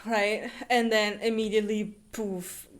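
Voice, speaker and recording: A woman's voice: mid-range voice, measured pace. A woman co-hosting a book club podcast, chatting casually and acting out characters' lines with frequent laughter. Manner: animated, acts out characters' lines, laughs often.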